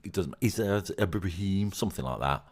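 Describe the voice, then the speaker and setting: A man's voice: deep voice, lively intonation, a little fast, darkish tone. A man with a Birmingham accent co-hosting a podcast in casual, jokey chat, reading out listener comments. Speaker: podcast co-host.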